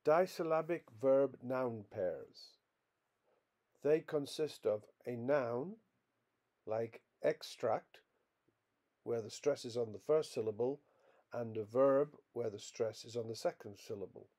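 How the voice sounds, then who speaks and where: A man narrating a scripted English pronunciation lesson, reading out example words slowly and with clear stress. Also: mid-range voice, darkish tone.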